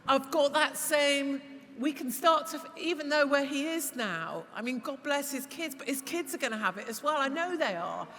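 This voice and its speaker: A woman talking as a podcast guest before a live audience, impassioned and swearing, laughing, and rising to shouts. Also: high voice, animated, normal speed. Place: large church hall before a live audience. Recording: echoey hall with audience noise.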